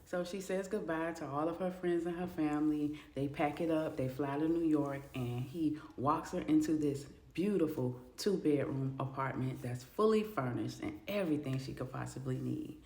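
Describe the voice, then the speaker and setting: A woman's voice: low voice, moderate pace, hardly any pauses, a little mellow. A woman narrating a storytime video in a casual, conversational way. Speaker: storyteller and booktuber. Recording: echoey room.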